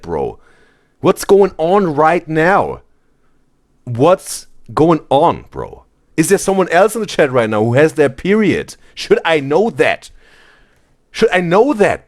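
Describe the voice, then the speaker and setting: Animated man reading out stream chat. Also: a little high, unhurried. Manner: animated, exclaims "bro" constantly, laughs often.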